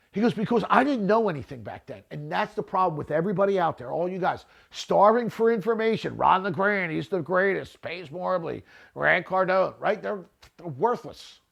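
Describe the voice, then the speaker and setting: Gravelly, high-voiced blunt man talking. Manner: emphatic, repeats "listen" and "right?". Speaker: podcast host. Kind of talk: blunt unscripted monologue.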